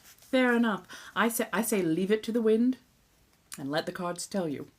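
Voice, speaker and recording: A young woman from Southern California hosting an ASMR and tarot live stream from a phone. She chats casually, swears now and then and slips into soft whispered asides. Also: mid-range voice, normal speed.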